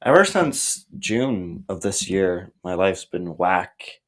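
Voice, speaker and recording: A man's voice: low-pitched, wildly swooping pitch, slow, gravelly, rough recording. A young man in a comedic vlog sketch who rambles and hesitates, filling his talk with ums. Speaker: vlogger.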